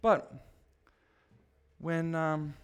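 A man's voice: fairly high pitch, fairly even intonation, drawn-out words, clean tone. A man preaching a sermon as pastor, speaking emphatically and asking the congregation questions.

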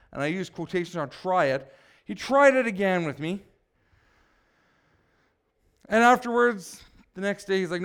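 High-voiced man preaching a blunt sermon. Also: moderate pace, pauses often, clean tone. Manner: blunt, exhorting, swings from loud to low.

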